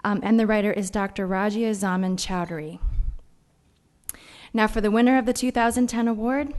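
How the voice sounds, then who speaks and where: A woman's voice: mid-range voice, darkish tone. A woman announcing essay award winners at a banquet, reading the committee's remarks. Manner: measured, formal reading. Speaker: award presenter. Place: banquet hall.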